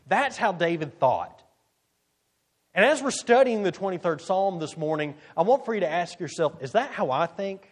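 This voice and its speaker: A man preaching a sermon, reading scripture slowly and deliberately with strong emphasis. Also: high voice, very animated. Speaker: pastor.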